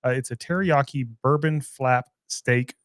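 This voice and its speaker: A man hosting a barbecue podcast in relaxed casual chat, reading out listener posts. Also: mid-range voice, a little slow, no echo, studio quality. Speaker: podcast co-host.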